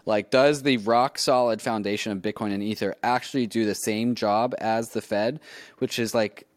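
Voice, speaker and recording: A man co-hosting a casual podcast chat, musing out loud in a reflective way, often saying "right" and "like". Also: fairly low pitch, fairly even intonation, normal speed, no echo. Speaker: podcast co-host.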